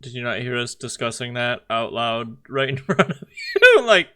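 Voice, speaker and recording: A young woman playing a tabletop game, sarcastic and quick to laugh. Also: extremely low pitch, very animated, a bit bright, smooth. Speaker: player. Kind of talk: casual tabletop play.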